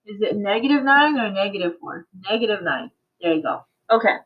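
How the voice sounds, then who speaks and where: This online math teacher, a woman, coaxes her students, quizzes them and laughs often, speaking a little fast with lively intonation in a mid-range voice. The recording comes through a video call and sounds tinny, like a phone.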